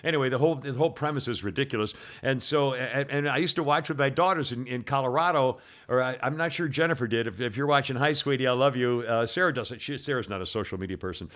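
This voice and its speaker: A man's voice: medium pitch, fast, hardly any pauses, fairly bright tone. An older man hosting a podcast, telling long rambling stories in casual chat and laughing often. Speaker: podcast host.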